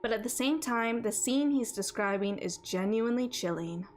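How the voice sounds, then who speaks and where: A woman's voice: fairly high pitch, normal speed, a little hiss or hum. Playful, bubbly woman streamer riffing. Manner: animated, playful, repeats phrases in riffs. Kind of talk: let's-play commentary and visual novel narration.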